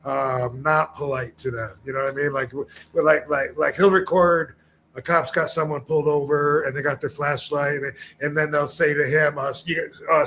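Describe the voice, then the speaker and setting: A man's voice: on the high side, fairly even intonation, fairly quick, sharp tone, a little hiss or hum. A man talking casually on a podcast, rambling with many fillers and restarts and acting out the people he quotes.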